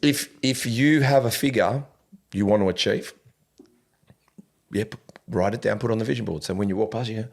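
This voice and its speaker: Animated man, podcast host. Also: lowish voice, normal speed, vocal fry, long pauses. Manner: animated storyteller, swears casually, laughs often. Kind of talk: casual podcast chat.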